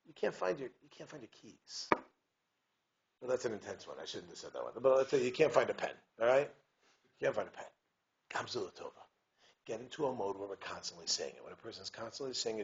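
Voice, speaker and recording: A man, a rabbi giving a community talk, telling stories in an animated way, acting out voices and dropping "right?" asides and restarts. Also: a little high, creaky. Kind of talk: lively storytelling lecture. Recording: dull lo-fi recording with faint hiss.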